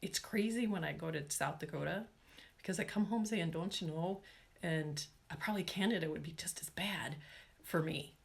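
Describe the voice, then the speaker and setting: A woman's voice: on the low side, normal speed, vocal fry. A woman from Washington state hosting a casual nail-care livestream, rambling and chatty, often saying "y'all" and reading out viewer names and questions. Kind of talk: casual live-stream chat with viewers.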